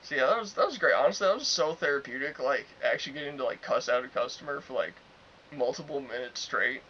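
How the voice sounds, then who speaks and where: A man's voice: medium pitch, animated, fast, pushed and bright. A young man casually telling a crude, ranting story as a podcast co-host. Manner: crude, ranting, acts out both sides of arguments. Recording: slightly dull, faint hiss.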